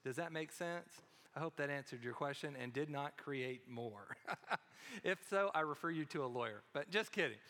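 Male pastor, high voice, storytelling sermon, church hall reverb. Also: animated, moderate pace, sharp tone. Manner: storytelling, joking asides. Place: church sanctuary.

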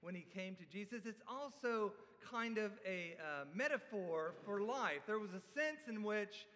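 Animated preacher in an echoey hall. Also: male voice, high-pitched, unhurried. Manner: conversational, animated storytelling with asides. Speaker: pastor. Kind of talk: sermon. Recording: echoey hall with long reverb.

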